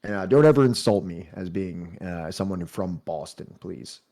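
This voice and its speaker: A New Jersey man hosts a podcast, joking and chatting loosely with lots of fillers and restarts before moving into a book discussion. His low-pitched voice is dark and expressive, at a moderate pace.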